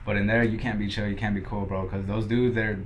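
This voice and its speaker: A man's voice: on the low side, flat delivery, fast talker, background noise. A young man from Los Angeles, a podcast guest who tells his story casually, swearing often and acting out what others said. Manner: laid-back, swears a lot, quotes others in dialogue.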